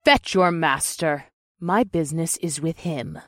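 A man voicing a bold, sharp-tongued, red-skinned half-demon woman in an audiobook, commanding and sarcastic. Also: high-pitched, expressive, unhurried, no echo, clean studio sound, pitched above the performer's own voice. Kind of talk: audiobook narration.

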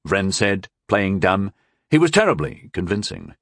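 A man narrating a first-person fantasy audiobook with wry, lively storytelling. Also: on the low side, a little slow, no echo, clean studio sound.

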